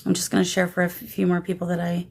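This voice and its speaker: A woman's voice: fairly low pitch, monotone, fast talker, gravelly, darkish tone. A woman hosting a paranormal livestream in casual chat, greeting viewers with affectionate pet names over a phone camera. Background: shamanic drumming.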